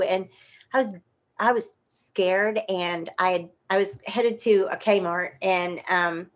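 A woman tells a story as a guest in an easygoing conversation. She is lively and theatrical, jumping into the voices of the people she quotes. Her pitch sits in a middle range for a woman. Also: takes it slowly. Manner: animated, acts out quoted voices. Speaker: guest performer.

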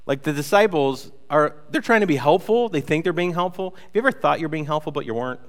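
A man preaching a casual sermon with a slightly high voice and an animated storytelling manner. He drops in playful asides to the congregation, and his voice carries a long reverb from a church hall. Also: fast talker. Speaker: pastor. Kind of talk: conversational sermon.

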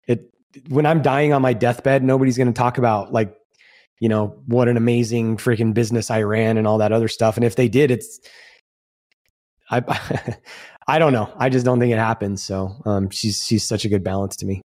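A man's voice: mid-range voice, steady tone, normal speed, darkish tone. A man co-hosting a podcast, talking in a loose, rambling way with casual swearing. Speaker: podcast co-host.

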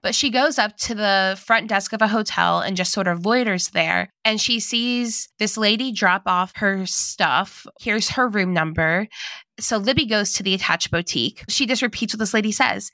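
A woman's voice: medium pitch, pushed and bright, no echo. A woman co-hosting a casual movie recap, joking and crude as she retells the plot. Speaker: podcast co-host.

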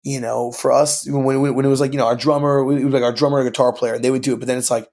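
A man's voice: mid-range voice, level tone, rapid-fire, darkish tone. A young man from California, a band singer guesting on a podcast, talking in a laid-back slangy way full of "dude" and "like". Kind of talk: casual podcast conversation.

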